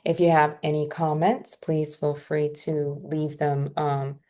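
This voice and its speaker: A woman's voice: low voice, unhurried. A woman co-hosting a podcast as a tax professional, chatting casually and repeating her points. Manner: relaxed, repeats phrases, wraps up the episode. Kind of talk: casual chat.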